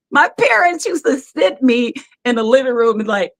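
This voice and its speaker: A woman guest on a live-streamed video call, telling stories animatedly with frequent laughs and fillers. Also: high-pitched. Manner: animated storyteller, quick to laugh, many fillers. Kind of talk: casual interview over a live stream.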